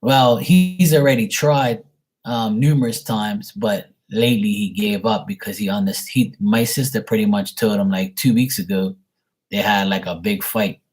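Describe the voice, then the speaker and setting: A man's voice: lowish voice, moderate pace, a little mellow, breathy edge, soft background music. A man talking casually and bluntly, swearing freely and repeating himself as he vents about a family matter. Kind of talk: casual venting monologue.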